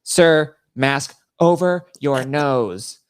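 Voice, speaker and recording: A man's voice: a little high, drawn-out words, smooth, no room sound, studio quality, voice pushed up. A man putting on the voice of a stern female airport security officer who barks the same clipped orders again and again. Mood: insistent.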